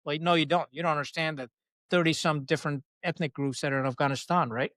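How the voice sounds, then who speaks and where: A man speaking as a podcast guest, telling his stories bluntly and with salty language. His voice sits fairly high. The room sound is dry, with almost no echo. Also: fast talker. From Pakistan. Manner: blunt, salty, animated storyteller. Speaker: podcast guest, retired Marine officer. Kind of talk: candid conversational storytelling.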